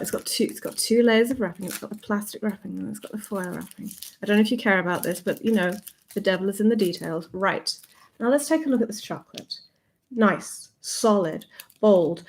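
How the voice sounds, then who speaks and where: A young woman hosting a casual livestream, chatty and playful, laughing often, reading out viewer comments, and sometimes dropping to a soft whisper. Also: mid-range voice. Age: young adult. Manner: drops to a soft whisper at times. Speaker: livestream host. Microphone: desk mic.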